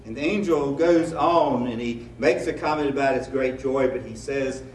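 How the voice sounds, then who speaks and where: A man's voice: medium pitch, normal speed, hardly any pauses, a little mellow, slight background noise. A man preaching a sermon as a pastor, in a conversational style with rhetorical questions. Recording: echoey room, mic at a distance.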